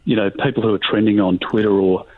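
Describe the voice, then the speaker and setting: A man, a politician speaking haltingly in an archive clip. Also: fairly low pitch, fairly even intonation, no room sound. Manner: halting, full of fillers and restarts. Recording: tinny phone-like clip.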